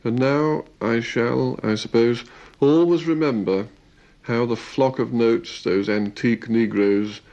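A man reads verse aloud at an unhurried, deliberate pace, and his voice carries a gravelly rasp. Each line is measured out carefully, as in an archival poetry reading. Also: medium pitch, darkish tone, lo-fi sound. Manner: slow, measured recitation. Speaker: poet.

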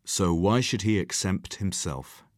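A man giving articulate, analytical commentary in a measured way. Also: low voice, animated, no echo, clean studio sound.

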